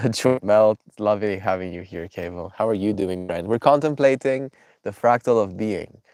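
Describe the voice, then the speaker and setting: A man's voice: lowish voice, moderate pace, darkish tone, no echo, studio quality. Stuffy-nosed man musing with his stream chat. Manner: reflective, affectionate, reads chat names aloud. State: stuffy nose. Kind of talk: casual live-stream chat with viewers.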